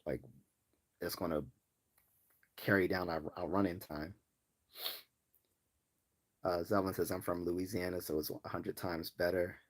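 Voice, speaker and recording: Man, very low voice, from Baltimore, livestream host, rambling chat with fillers. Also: level tone, unhurried, pauses often. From Baltimore, US East Coast. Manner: rambling, many fillers and restarts, laughs easily. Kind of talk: casual live-stream chat.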